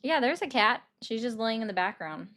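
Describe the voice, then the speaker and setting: A woman's voice: a little high, animated, normal speed, fairly bright tone. A woman hosting a live call-in stream from her bedroom, chatting casually about the news and answering viewer comments. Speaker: livestream host taking calls. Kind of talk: casual political commentary chat. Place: bedroom at home. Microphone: desk microphone.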